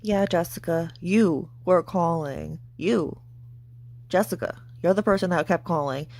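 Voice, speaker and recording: A woman's voice: lowish voice, a little slow, a little mellow. A woman hosting a commentary rant, mocking and profane, with a sarcastic edge. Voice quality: gravelly vocal fry. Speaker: commentary channel host.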